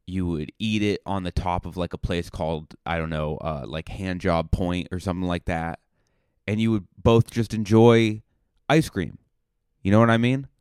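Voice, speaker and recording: A man's voice: deep voice, clear, resonant tone, no room sound, clean studio sound. A young man from Massachusetts, a road comic hosting his own podcast, rambling through a jokey, self-mocking monologue. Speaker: comedian and podcast host. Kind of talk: solo comedic podcast monologue.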